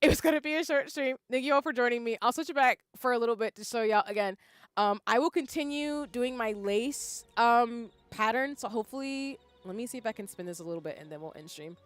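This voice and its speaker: A woman's voice: fairly high pitch, a little fast, dry recording. Chatty young woman streamer saying y'all. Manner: chatty, says "y'all" often, bursts into squealing yells. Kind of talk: casual livestream chat.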